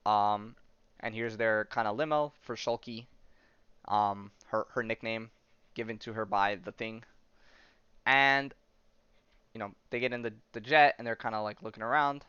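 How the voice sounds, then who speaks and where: A man's voice: fairly low pitch, fairly even intonation, normal speed, pauses often, fairly bright tone, clean tone, no echo, dull audio. A man hosting a podcast, casually recapping a comic story in a rambling way with lots of fillers. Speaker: podcast host.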